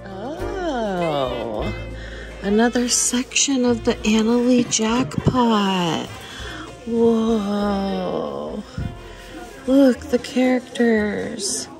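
A woman chatting casually in a shopping vlog, excited and gasping as she browses a store, with music playing behind her. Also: on the high side, very slow. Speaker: thrift reseller vlogger.

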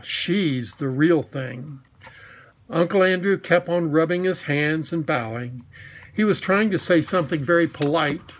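Man narrating a storybook, dull lo-fi sound. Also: a little high. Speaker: audiobook reader. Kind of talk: scripted narration.

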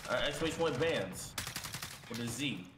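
A man chatting as a teammate during an online game, with low-key, mumbled banter. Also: expressive, moderate pace. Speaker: teammate in party chat. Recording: echoey noisy voice chat line.

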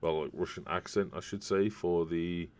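This streamer's voice is low, darkish, clear, and resonant, with fairly even intonation at a moderate pace. He rambles casually to viewers while playing a video game, keeping up chatty gameplay commentary.

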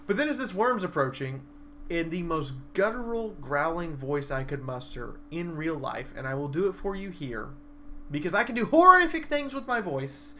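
Animated, bright-voiced young man storytelling. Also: normal speed, a little hiss or hum. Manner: animated, dramatic storyteller with big swings in pitch and loudness. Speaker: vlogger recapping a live-action role-play event. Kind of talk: excited storytelling recap.

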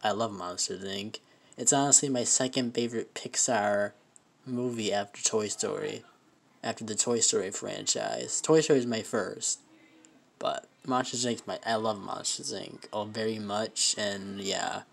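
A young man filming a casual toy review vlog on a handheld phone, talking in a halting, rambling way with many fillers and restarts, his voice emotional. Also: lowish voice, fairly even intonation, creaky. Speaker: vlogger. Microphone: handheld phone camera.

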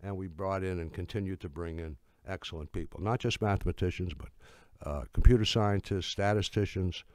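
Older man telling halting, dry-humored anecdotes. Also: deep voice, no echo. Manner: halting, with frequent restarts and wry humor. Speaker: speaker giving a talk. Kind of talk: anecdotal storytelling talk.

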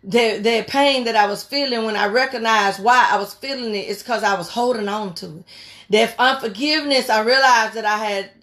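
Fervent woman preaching, higher voice. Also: moderate pace, a bit bright. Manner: repetitive, exhorting, fervent. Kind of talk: impassioned sermon on a prayer line.

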